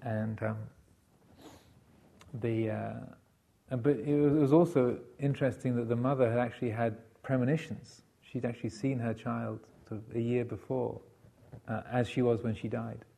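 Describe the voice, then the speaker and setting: A man giving a Buddhist dharma talk, telling a story with many ums and restarts. His voice is mellow and a little gravelly, sitting at an ordinary male pitch. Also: little pitch movement. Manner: halting, many fillers and restarts. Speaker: Buddhist monk teacher.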